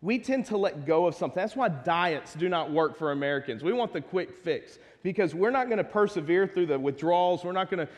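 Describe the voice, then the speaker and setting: A man with a high, light voice and a Texas twang preaches a casual sermon, drifting into jokes and asides to the people in the pews. His words ring out with a long reverb, as in a large church sanctuary. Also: animated, a little fast, few pauses. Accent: Texan. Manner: conversational and joking, with asides to the congregation. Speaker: pastor.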